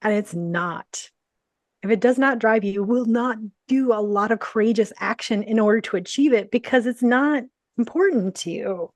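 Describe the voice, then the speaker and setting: A woman business coach telling a personal story in a casual interview, animated, laughing often and saying "like" and "you know" a lot. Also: on the high side, moderate pace, dry recording.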